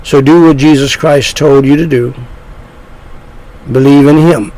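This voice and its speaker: A man preaching an evangelistic sermon, slow and deliberate, drawing out his phrases. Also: on the high side, animated, vocal fry, rough recording.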